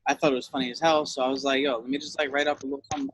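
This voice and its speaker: A man's voice: medium pitch, flat delivery, very fast, slight background noise, low-quality recording. A man casually interviewing a guest, talking loosely with plenty of "yo" and "like".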